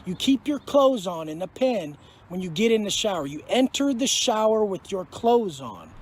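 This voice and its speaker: A man's voice: high-pitched, sing-song, normal speed. A man giving a profane, aggressive tough-talk monologue, barking and swearing heavily. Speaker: clip subject.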